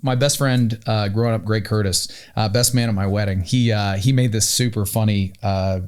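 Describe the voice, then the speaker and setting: A man from Pennsylvania with a somewhat low voice tells stories on a podcast. He talks casually with "um" and "uh," and he brings the anecdotes to life by acting out the voices of the people in them. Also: normal speed, clean tone. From Pennsylvania, USA. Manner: animated anecdotes, acting out quoted voices with "um" and "uh" fillers. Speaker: podcast guest, company founder. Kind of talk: casual storytelling.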